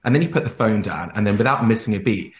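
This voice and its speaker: A camp, animated man from Jersey tells stories as an interview guest, his voice sitting a little low. He laughs often as he talks, and the room around him rings with a noticeable echo. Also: fast talker. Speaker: podcast guest. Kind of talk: casual storytelling interview.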